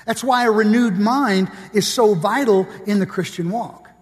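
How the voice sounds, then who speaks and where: Guy preaching to his church, reads book quotes, asks the crowd stuff, kinda high voice. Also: normal speed, long reverb tail. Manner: reads quotes from books aloud, asks the congregation questions. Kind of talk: sermon.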